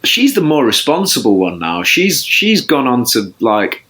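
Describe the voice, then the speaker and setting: A man's voice: mid-range voice, sing-song, measured pace, bright, forceful tone. A man, a podcast guest chatting casually, rambling and self-deprecating with many restarts. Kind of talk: casual chat.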